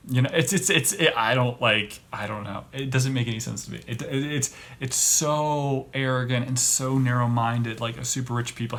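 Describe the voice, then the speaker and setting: A man hosting a podcast who rants in a casual comedic way, rambling and halting with many restarts. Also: medium pitch, steady tone, fairly bright tone. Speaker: podcast host.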